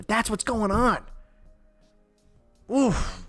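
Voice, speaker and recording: A man's voice: on the high side, lively intonation, moderate pace. A man hosting a livestream, joking crudely in casual chat with lots of restarts. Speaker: livestream host.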